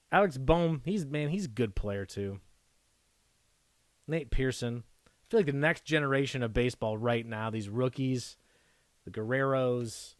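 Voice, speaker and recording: A man's voice: medium pitch, moderate pace, dry recording, studio quality. A man hosting a live card break, chatty and rambling, who gasps and whoops when a good card comes up. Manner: excitable, gasping and whooping at pulls.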